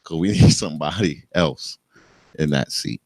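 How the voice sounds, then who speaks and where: A man's voice: very deep voice, normal speed, dry recording, clean studio sound. Joking, profane male radio host. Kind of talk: casual radio chat. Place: radio studio.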